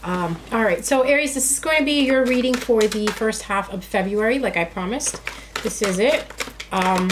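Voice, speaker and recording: A woman's voice: a little high, normal speed, noisy background. A woman giving a casual, chatty tarot reading who talks to her cards and addresses her viewers directly. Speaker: tarot reader.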